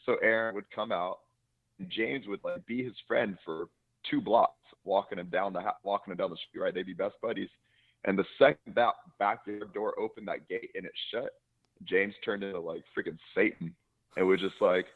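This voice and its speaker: A man's voice: on the low side, a little fast, slightly rough. A man co-hosting a casual podcast chat who rambles, swears freely and laughs often. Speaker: podcast co-host. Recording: tinny phone-like sound.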